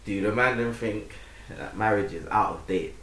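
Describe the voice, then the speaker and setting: A man, co-hosting a podcast in casual chat, teasing and pressing the others with quick questions. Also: on the low side, fairly bright tone. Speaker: podcast co-host. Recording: roomy room sound.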